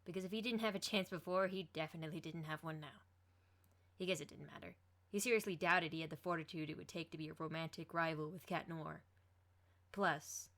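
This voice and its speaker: A woman reading a fan fiction story aloud, expressive as she voices each character. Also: on the low side.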